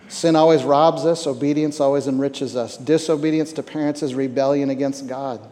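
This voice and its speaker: A man with a mellow, somewhat high voice talks about parenting at a camp in a loose, sermon-like way, tripping over repeated words and asking the audience rhetorical questions. The hall echoes around him.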